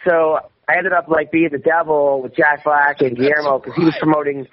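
A man telling a rambling, animated story in casual conversation, swearing often and restarting his sentences. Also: fairly high pitch, fairly quick. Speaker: guest comedian. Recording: dull radio-style audio with faint noise.

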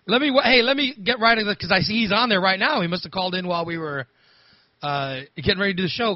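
A male radio show host, excitable and teasing, running a comedic talk show. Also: high voice, fast talker, dry recording. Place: radio studio. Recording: slightly dull studio audio with faint music.

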